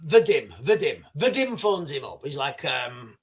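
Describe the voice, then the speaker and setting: Animated British man hosting a livestream. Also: fairly high pitch, unhurried, few pauses. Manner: rambling, animated, addresses viewers. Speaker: livestream host. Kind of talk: casual live commentary.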